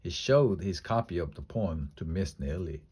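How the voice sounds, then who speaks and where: A man reading a children's chapter book aloud, slow and deliberate. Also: deep voice, lively intonation, darkish tone, breathy edge. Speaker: storybook reader.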